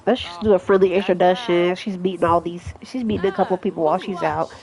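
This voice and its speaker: Playing a life simulation game, a woman gaming vlogger chats away in casual, rambling commentary, often restarting, correcting herself and making asides to viewers. She talks fast in a lowish, steady, darkish voice, and the audio sounds dull.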